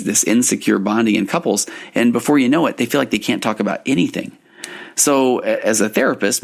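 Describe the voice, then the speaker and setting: A middle-aged man with a low, gravelly voice talks through couples' communication on his podcast. He speaks as a therapist, in a relaxed conversational way, and now and then voices a partner's words. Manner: conversational, acts out quoted partners, restarts and fillers. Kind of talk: solo podcast teaching.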